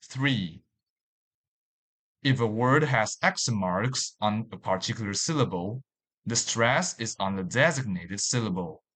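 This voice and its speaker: A man narrating a language lesson in a slow, deliberate way, repeating each example word. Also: on the low side, expressive, fairly bright tone, slightly rough. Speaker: language teacher.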